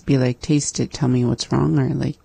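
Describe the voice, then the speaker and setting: A relaxed language learner chats through a lesson and repeats new words back. The voice is gravelly and dark, slow and flat in pitch. It is recorded close and dry. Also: no room sound. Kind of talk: casual lesson chat.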